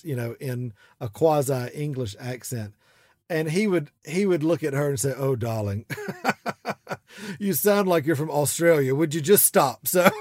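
A man's voice: medium pitch, a little mellow, no room sound, studio quality. A middle-aged man hosting a podcast in a chatty, casual way, with frequent fillers and restarts. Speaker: podcast host.

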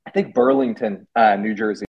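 Excitable young host, muffled sound. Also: male voice, lowish voice, a little fast, vocal fry. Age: young adult. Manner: excitable and profane, hedges with fillers. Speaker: podcast host. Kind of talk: casual podcast conversation.

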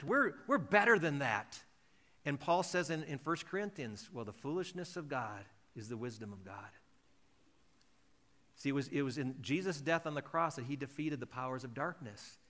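A man preaching a sermon in a conversational way, acting out imagined dialogues and often repeating words as he restarts. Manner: acts out imagined dialogues in softer, lower voices. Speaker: pastor.

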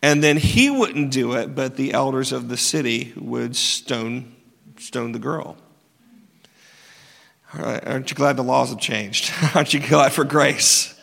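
A man's voice: mid-range voice, measured pace, vocal fry, a bit bright. A man preaching a sermon, talking casually, joking with the congregation and firing off rhetorical questions. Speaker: pastor. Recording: long hall reverb.

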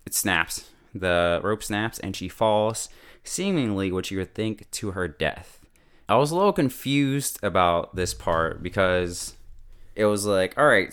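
A man casually recapping and reviewing a TV episode, jumping into quick acted-out character voices with laughs. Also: fairly low pitch, smooth. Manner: animated, acts out characters in quick bursts. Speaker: podcast host recapping a TV episode.

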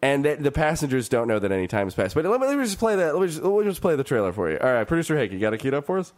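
Animated, rambling male podcast host. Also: mid-range voice, racing, background noise. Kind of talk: casual chat.

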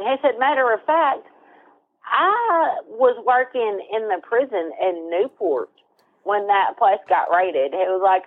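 A woman's voice: mid-range voice, measured pace, no room sound. A woman speaks openly and chattily on a phone call, often breaking into laughter. Her voice comes through a narrow, tinny phone band. The sound is dry, with no room at all. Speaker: interview guest. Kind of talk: casual phone conversation.

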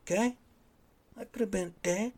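A man with a high, darkish, slightly rough voice hosts his own podcast, telling a rambling, profane story at a moderate pace. It's a casual solo monologue, and he sounds worked up.

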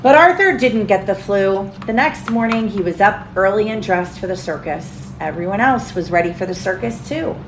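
A mother reading a storybook aloud to her children at home, pausing to ask them questions. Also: mid-range voice, animated, roomy sound, noisy background. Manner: pauses to quiz the children.

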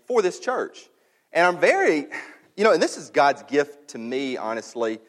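A pastor speaks to his church in a candid, conversational way, full of fillers and asides. His voice carries a long reverb from a large hall. He slows down when he reads a passage aloud. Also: mid-range voice, fairly bright tone. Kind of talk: sermon announcement, conversational.

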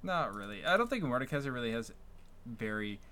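A man's voice: mid-range voice, big pitch swings, brisk, bright, forceful tone. A man co-hosting a casual podcast, making dry, laid-back remarks and giving short agreements. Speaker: podcast co-host. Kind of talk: casual chat.

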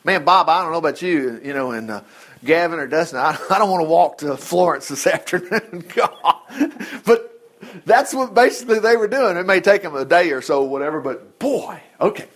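Animated, folksy preacher man. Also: fairly high pitch, normal speed. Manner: folksy, animated, laughs often, acts out quotes. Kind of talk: sermon.

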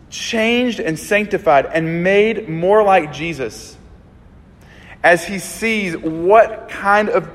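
A preacher from a small town in Alabama, giving a conversational, animated sermon in a church. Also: male voice, fairly high pitch. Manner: conversational and animated, acting out voices in Bible stories and anecdotes. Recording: long reverb of a large hall.

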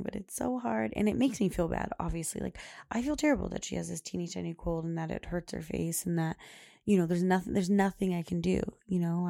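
A woman's voice: fairly low pitch, creaky, dark tone. A young woman hosting a podcast, talking in a rambling, chatty way full of "like" and "you know". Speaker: podcast host. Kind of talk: casual chat.

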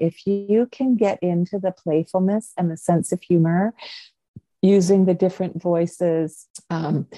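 A woman's voice: on the low side, dark tone, no echo. An older woman co-hosting a parenting podcast, giving playful advice in a casual chat and laughing often. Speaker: podcast co-host, parenting coach.

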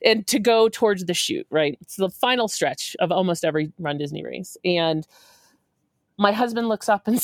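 A woman in her forties telling a story in an animated way, acting out quotes and laughing often. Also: fairly low pitch, moderate pace, dry recording, clean studio sound. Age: 40s.

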